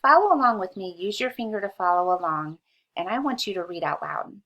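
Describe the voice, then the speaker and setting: A woman's voice: mid-range voice, animated, dull audio. A woman teacher reading a history lesson aloud to children, patiently sounding out each word. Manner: slow, patient, sounds out words for young readers. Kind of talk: read-along lesson for children.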